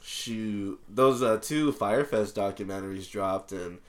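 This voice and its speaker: A lower-voiced man trading crude jokes on a casual podcast. He talks in a relaxed, chatty way, mixing offhand swearing with easy recommendations. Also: a little slow. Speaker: podcast co-host. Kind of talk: casual chat.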